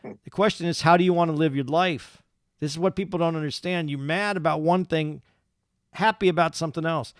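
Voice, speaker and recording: A man's voice: fairly high pitch, a little fast, smooth, no room sound, clean studio sound. A man co-hosting a casual podcast, rambling and restarting his sentences as he talks through his thoughts. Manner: rambling, repeats words and restarts often. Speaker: podcast co-host.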